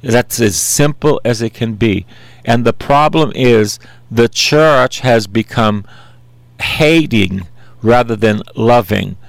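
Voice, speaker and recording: A man's voice: mid-range voice, slow pace, gravelly, dry recording. A man in his sixties preaching a sermon in an earnest, conversational way, repeating simple refrains.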